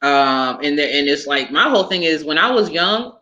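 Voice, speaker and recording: A woman co-hosting a casual movie review chat, talking in an animated, opinionated way. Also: low-pitched, normal speed, highs cut off. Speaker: co-host.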